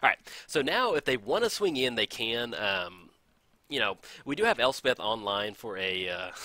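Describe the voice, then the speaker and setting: An excitable man narrates his card game play in a casual, chatty way, laughing often and cheerfully owning up to his slip-ups. His voice is bright and forward, with lively swings in pitch. The sound is dry and close. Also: a little slow, long pauses, dry recording. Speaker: gameplay commentator.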